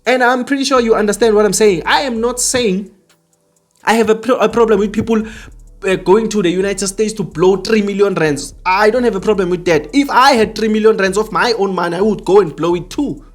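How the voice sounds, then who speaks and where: A man's voice: high voice, a little fast, faint music behind. Earnest man ranting to viewers. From South Africa. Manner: earnest, repetitive, addresses viewers as "people". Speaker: commentary channel host. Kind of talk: opinionated commentary monologue.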